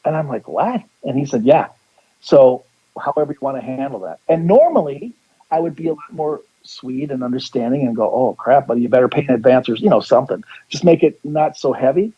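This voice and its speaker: Husky-voiced man telling a rambling story. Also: medium pitch, animated, fairly quick, lo-fi sound. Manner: rambling, restarts sentences, acts out quotes. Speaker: guest psychic. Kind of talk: casual storytelling on a call-in radio show.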